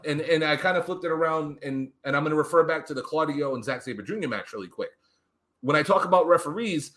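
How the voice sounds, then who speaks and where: A man casually recapping a wrestling show on a podcast, animated and profane, acting out what the wrestlers said. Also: a little high. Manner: animated, profane, acts out quotes. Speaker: podcast co-host.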